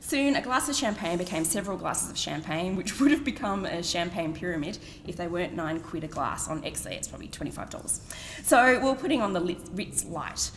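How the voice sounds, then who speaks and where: Animated and brisk, a middle-aged Australian author with a fairly low voice reads her own blog to a book-event audience. She laughs between phrases in a wry, self-mocking way, with long hall reverb and a little hiss or hum.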